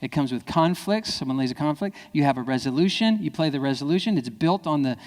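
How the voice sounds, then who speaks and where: A man giving an animated, playful keynote talk, acting out family dialogue in other voices. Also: fast talker. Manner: playful, jumps into high voices when quoting kids. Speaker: keynote speaker. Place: civic center hall. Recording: long reverb of a large hall.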